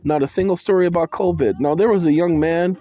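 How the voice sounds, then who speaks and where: A man giving a casual, animated monologue to his viewers, calling out to them and slipping into sing-song bursts, with soul music playing behind him. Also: fairly high pitch, quick pace. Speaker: vlogger.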